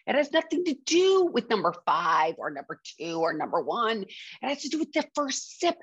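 A woman hosts a podcast and speaks candidly and earnestly about her own addiction recovery, often circling back and restarting sentences. Her voice is on the low side with a breathy edge, and the sound is lo-fi.

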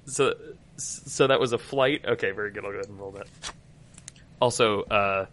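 Male player, bright tense tone, chatty, laughs often. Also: lowish voice, moderate pace, a little hiss or hum. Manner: chatty, laughing, self-interrupting. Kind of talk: casual tabletop play.

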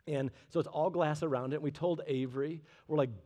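A man in his thirties preaching a sermon, a lively storyteller who drops in joking asides. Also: fairly high pitch, brisk, hardly any pauses. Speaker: pastor. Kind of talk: sermon with personal stories.

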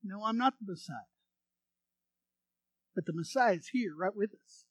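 A male pastor preaching an animated sermon, acting out voices from the story and leading the congregation in repeating phrases. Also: high voice, normal speed, no echo.

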